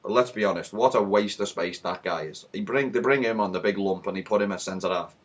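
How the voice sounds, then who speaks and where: A hoarse man with a Liverpool accent, recapping a football match in a rowdy, swearing storytelling way. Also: on the low side, fairly quick. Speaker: football fan vlogger.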